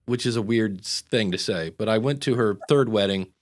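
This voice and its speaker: A man's voice: fairly low pitch, fairly quick. A middle-aged man hosting a podcast, telling stories in a rambling, casual way with frequent restarts. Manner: rambling anecdotal storytelling with many restarts. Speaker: podcast host. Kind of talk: casual chat.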